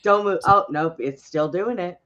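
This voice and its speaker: A woman co-host chats and teases her partner through a casual livestream. Her voice sits at an ordinary pitch. It comes through dull and lo-fi, as on stream audio. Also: moderate pace, a bit bright. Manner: chatty, laughing, teasing. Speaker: co-host of a daily news talk show.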